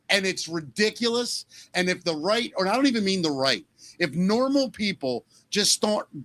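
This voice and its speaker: High bright voiced guy ranting hard on a podcast, fiery and sarcastic. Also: animated, normal speed, dry recording. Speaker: co-host. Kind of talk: heated political podcast talk.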